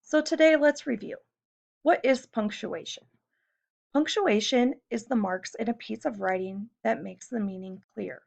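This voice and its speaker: A woman with a fairly high voice and some vocal fry speaks unhurriedly as she teaches a recorded classroom lesson. She explains things patiently, step by step, and puts questions to her students. The recording sounds dull and lo-fi.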